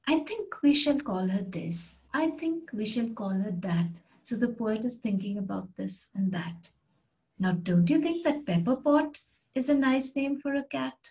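A woman's voice: medium pitch, darkish tone, lo-fi sound. A woman teaching an English poetry lesson, reading each line and then explaining the words in simple terms.

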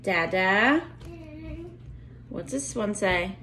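A woman teacher reading a picture book aloud to young children in a slow, sing-song way, with playful animal noises. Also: mid-range voice, expressive, fairly bright tone, a little hiss or hum.

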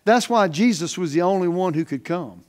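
A male pastor preaching with a notably high-pitched voice. His delivery is emphatic and folksy, pushing hard on key words and then dropping into soft, plain-spoken asides to the congregation. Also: expressive, moderate pace. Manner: emphatic preaching, swings from loud stresses to quiet asides. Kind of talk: sermon.

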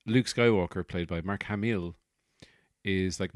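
A man hosts his own podcast, rambling through a comic monologue while correcting himself and swearing freely in a digressive way. His voice is fairly low with a darkish tone and an unhurried pace. The studio-quality recording has no echo.

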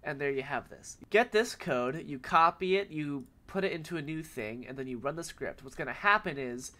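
A man who is sick with a cold, speaking in a nasal voice and giving a rambling, filler-filled software tutorial. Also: on the high side, lively intonation, normal speed. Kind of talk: casual screen-recorded tutorial.

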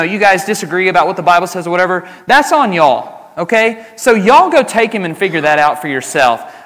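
A preacher putting on a blunt, impatient Roman governor. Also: male voice, sits high, voice pushed up. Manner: loud, casual and impatient. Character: exasperated Roman governor, adult man, blunt. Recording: reverberant church hall.

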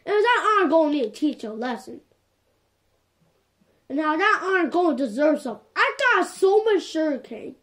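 A woman with a high voice giving casual game commentary. Her pitch swings widely, and she talks in an animated, exasperated way, circling back to the same complaints again and again. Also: normal speed. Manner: animated and exasperated, repeats "like, for real". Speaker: gameplay commentator.

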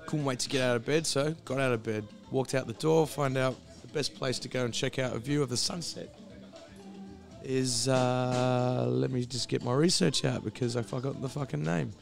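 A hoarse man with a husky voice, chatting casually and rambling before a live stream, swearing freely and losing his train of thought. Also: mid-range voice, steady tone, normal speed, soft background music. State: hoarse, voice recovering. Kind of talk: casual pre-stream chat. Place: hostel.

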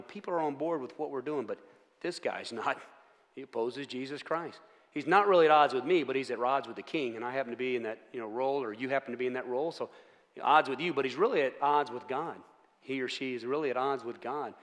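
A man's voice: mid-range voice, brisk. A man preaching a casual, joking sermon, often asking the room for agreement. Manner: chatty, self-mocking, asks the room for agreement. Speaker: pastor. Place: church sanctuary. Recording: long church hall reverb.

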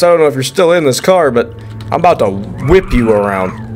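A young man giving let's-play commentary on a horror game, excitable, joking and swearing as he reacts. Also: mid-range voice, quick pace, faint music behind. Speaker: gaming YouTuber.

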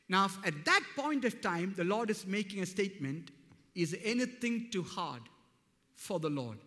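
A man's voice: high-pitched, bright, forceful tone. A man preaching a sermon as pastor, speaking emphatically and building to fervent declarations. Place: church hall. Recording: long hall reverb.

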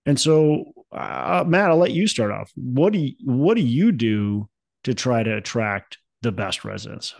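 A man's voice: mid-range voice, big pitch swings, a little slow, gravelly, no room sound. A man hosting a podcast in casual chat, rambling and upbeat with plenty of fillers and restarts. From Minnesota. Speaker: podcast host.

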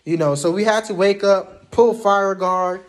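Young dude with a pretty high voice, chill slangy storytelling straight to the camera. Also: male voice, measured pace. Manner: slangy, laid-back, sprinkles "man" and "bruh". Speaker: vlogger recounting Army basic training.

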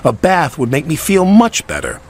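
A man's voice: fairly high pitch, huge pitch swings, normal speed, vocal fry, voice pushed up, heavily acted. A man voicing a small, fretful male tank engine who sounds fussy and indignant.

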